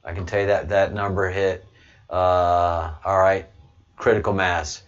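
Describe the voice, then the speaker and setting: Rambling low-voiced male livestream host. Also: level tone, a little slow, lo-fi sound. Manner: rambling, with frequent restarts and fillers. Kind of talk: casual monologue to viewers.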